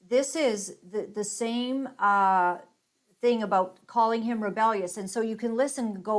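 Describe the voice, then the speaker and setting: A woman's voice: on the high side, measured pace. A woman hosting a casual talk show, chatting conversationally as she leads the discussion and cues up clips. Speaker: host. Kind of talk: casual chat reacting to clips.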